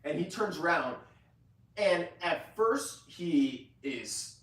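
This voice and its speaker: A man's voice: fairly high pitch, animated, slow, fairly bright tone. A man co-hosting a casual review show, recapping scenes at length with fillers and swearing. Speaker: podcast co-host. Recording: echoey room, mic at a distance.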